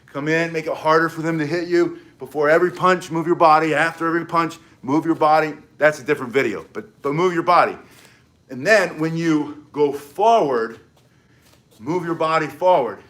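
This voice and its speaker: Energetic man teaching self-defense. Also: on the high side, moderate pace. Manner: energetic, demonstrates moves while talking. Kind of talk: demonstration tutorial.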